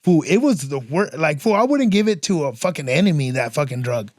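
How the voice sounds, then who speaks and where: A man's voice: on the high side, fairly quick, dry recording, clean studio sound. A man hosting a podcast, telling stories in a casual, slangy, profane way and acting out the people in them. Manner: slangy and profane, peppers talk with "fool" and "dog"; animated, acts out voices in his stories. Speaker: podcast host. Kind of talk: casual storytelling chat.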